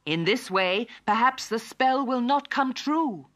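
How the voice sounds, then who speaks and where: A woman's voice: on the high side, expressive, slow, a bit bright, pitched above the performer's own voice. A woman voicing a kindly, hopeful king who speaks in an earnest, announcing way in a children's story.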